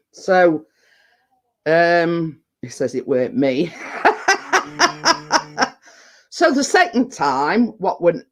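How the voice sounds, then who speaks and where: A middle-aged woman, chatting casually on her vlog in a rambling storytelling way, full of fillers and restarts. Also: deep voice. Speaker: vlogger. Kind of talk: casual chat.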